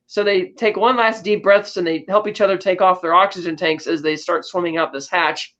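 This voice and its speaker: A woman's voice: on the low side, steady tone, brisk, a bit bright, highs cut off. A woman co-hosting a podcast, casually recapping a film's plot with lots of fillers and restarts. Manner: chatty, with frequent fillers and restarts. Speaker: podcast co-host.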